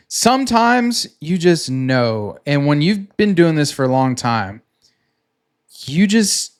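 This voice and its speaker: A laid-back man sits with his chart and explains his trades in plain, chatty talk. His voice sits a touch higher than most men's, and he keeps saying "like" as he points out spots on the screen. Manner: relaxed and chatty, many "like"s, quick laughs; talks himself through the chart while pointing at it. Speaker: futures trader recapping his trading session. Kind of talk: casual screen-share trading walkthrough.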